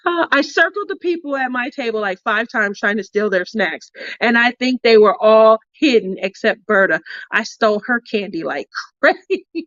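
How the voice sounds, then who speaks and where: A woman's voice: unhurried, no room sound, dull audio. A woman craft vlogger telling a story casually to her viewers, acting out the dialogue with big jumps in voice and frequent laughter. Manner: animated, acts out dialogue with big pitch jumps, laughs often. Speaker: craft channel host.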